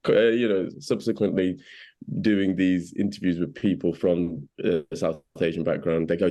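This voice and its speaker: Speaking in a very deep voice, this actor from England answers interview questions in a casual, faltering way, with plenty of fillers and restarts. He livens up noticeably whenever he quotes someone.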